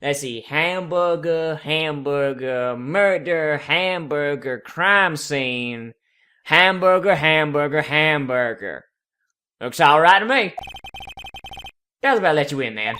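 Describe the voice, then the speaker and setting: A man's voice: on the high side, expressive, slow, full character voice. Man hamming up a whooping drawling cowboy cop. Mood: sly. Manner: loud, hammy drawl. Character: folksy cowboy male patrolman, swaggering. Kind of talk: let's play voice acting.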